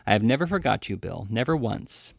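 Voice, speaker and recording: A man's voice: fairly low pitch, very animated, fairly quick, creaky, no room sound, studio quality, heavily acted. A man reading aloud as a wary, submissive old male fence who soothes with ingratiating endearments. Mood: wheedling. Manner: ingratiating, calls others "my dear".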